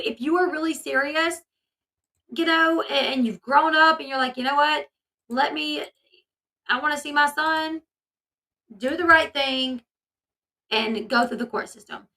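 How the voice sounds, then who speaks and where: A woman's voice: high voice, sharp tone, distant mic, poor audio. A woman hosting a casual commentary video, chatty and opinionated with many fillers. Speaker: commentary channel host.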